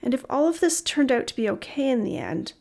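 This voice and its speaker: A woman reading a story aloud as an audiobook narrator, steady and expressive. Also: high-pitched, a little fast, vocal fry.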